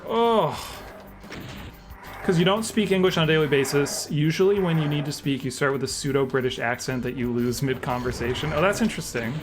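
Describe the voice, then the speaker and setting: A man with a fairly high voice and a brisk delivery streams a game live over game music. He chats casually and self-deprecatingly, reacting aloud to the action and answering chat.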